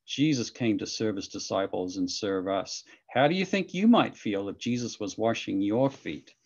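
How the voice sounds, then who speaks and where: A man leads a children's lesson over a video call with animated enthusiasm. His voice is gravelly and swings widely in pitch. The sound is dull and lo-fi. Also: moderate pace. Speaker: children's ministry teacher.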